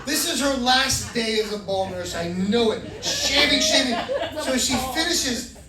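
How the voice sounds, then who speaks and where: A man doing stand-up, telling a self-mocking story with animated energy. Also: extremely high pitch, unhurried, distant mic. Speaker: stand-up comedian. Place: comedy club, indoors. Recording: roomy club from afar, loud crowd. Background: audience laughter.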